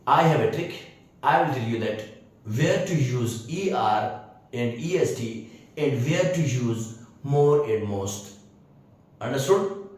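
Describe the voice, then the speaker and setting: A man's voice: medium pitch, expressive, takes it slowly, long pauses, darkish tone. A man teaching English grammar, hesitant with many fillers, often repeating phrases, spelling words out letter by letter and checking whether the class has understood. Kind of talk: spoken grammar lesson. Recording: very echoey room, distant mic.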